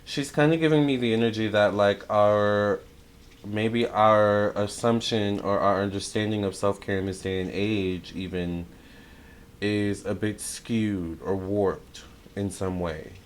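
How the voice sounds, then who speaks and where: Young guy doing a tarot channeling talk, lowish voice, chatty, keeps correcting himself, gets excited. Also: measured pace, a little hiss or hum. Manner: excitable, chatty, many fillers and self-corrections. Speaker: tarot reader. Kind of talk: casual spiritual channeling talk.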